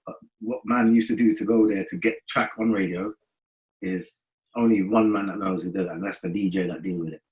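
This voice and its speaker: A man from North West London talks at a fast clip in a fairly low voice. He is the musician guest in a relaxed podcast chat, telling lively stories and dropping into patois as he quotes his friends. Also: rough recording. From North West London, England. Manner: animated storytelling, slips into friends' patois. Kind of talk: casual podcast interview.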